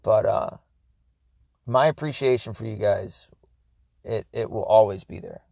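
A man's voice: fairly low pitch, measured pace, creaky, darkish tone, no echo. A man hosting his own podcast, talking in a rambling, profane, ranting monologue. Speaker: podcast host. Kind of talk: casual solo monologue.

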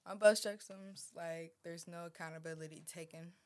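A woman's voice: fairly low pitch, steady tone, normal speed, darkish tone. A woman in a casual podcast chat, speaking confidently and assertively.

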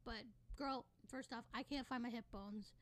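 A teenage girl hosting her own podcast, ranting in a sassy, sarcastic way with sudden loud bursts. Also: fairly high pitch, steady tone, normal speed. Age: teens. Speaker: podcast host. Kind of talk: casual solo podcast rant.

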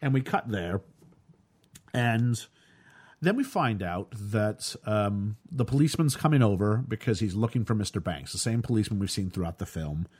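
A man's voice: on the low side, lively intonation, moderate pace, a little mellow, husky. A man hosting a casual chat about a film, sarcastic and mock-outraged, often acting out the lines he quotes. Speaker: podcast host reviewing a film.

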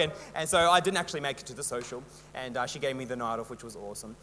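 A man's voice: a little high, lively intonation, fast talker, hardly any pauses, sharp tone, in a large hall. A young Australian man preaching a sermon in a chatty, rambling, self-mocking way, full of fillers. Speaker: pastor. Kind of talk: casual storytelling sermon.

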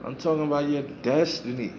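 A man's voice: a little high, fairly even intonation, brisk, darkish tone, highs cut off, slight background noise. A man hosting a podcast, giving a reflective motivational monologue and repeating phrases for emphasis. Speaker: podcast host.

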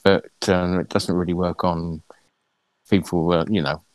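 A man's voice: low-pitched, flat delivery, unhurried, dry recording. A man, a musician guest on a small radio show, talking casually in a hesitant way with many fillers and restarts. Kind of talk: casual radio interview chat.

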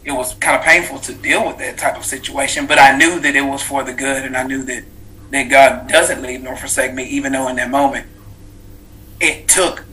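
A man's voice: mid-range voice, sharp tone, rough recording. A man in his thirties, a guest author, telling a personal story in an interview, earnest and reflective, with many fillers and restarts. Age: 30s.

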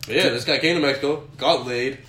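A man's voice: medium pitch, fast, reverberant, a crowd in the background. A young man co-hosting a crude podcast chat, telling stories and laughing a lot. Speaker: podcast co-host.

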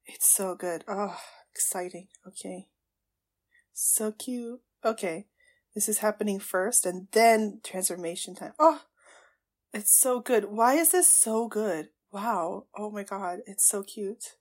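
During a casual watchalong, a woman podcast host gushes with excitable reactions, gasps and exclamations, tearing up at times. Her voice is medium-pitched and she takes it slowly.

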